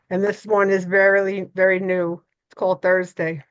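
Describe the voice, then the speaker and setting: A woman reading her own poetry on a video call, earnest and quick-spoken. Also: medium pitch, level tone, smooth. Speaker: poet reading at an open mic. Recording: dull lo-fi video call audio.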